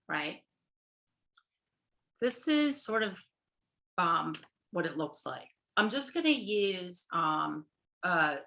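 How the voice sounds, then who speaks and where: American woman therapist, workshop lecture over video call; bright voice, slow pace, echoey room. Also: mid-range voice. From United States. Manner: checks in often with "okay?" and "right?". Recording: roomy echo.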